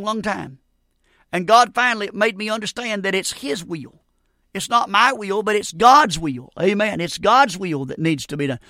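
A man's voice: high-pitched, sharp tone, no room sound, studio quality. A man in his sixties preaching a fervent radio sermon, often breaking in with "Amen".

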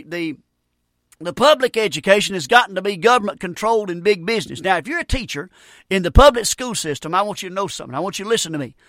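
A preacher delivers a fervent sermon in a high, bright, ringing voice. He repeats amens and stumbles through quick restarts. The sound is close and dry, with no room around it. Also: no echo. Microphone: broadcast radio mic.

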